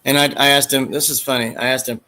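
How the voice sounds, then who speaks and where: A man's voice: mid-range voice, flat delivery, fast talker, bright, forceful tone. A man hosting a casual chat, rambling as he retells movie scenes and acts out the quoted lines.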